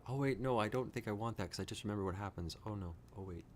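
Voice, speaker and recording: A low-voiced man reacts live as he watches, talking in excited, rambling bursts and swearing freely. Faint ambient noise hums behind his voice. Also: quick pace. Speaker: reaction streamer.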